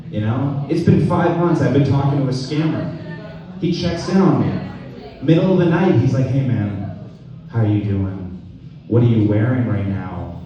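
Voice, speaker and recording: A young man doing stand-up with a deadpan, unhurried delivery, letting each punchline land slowly. His voice is dark and mellow. It is heard from a distance in a very echoey club room. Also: mid-range voice. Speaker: stand-up comedian. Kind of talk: stand-up comedy set. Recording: echoey room from far off the mic.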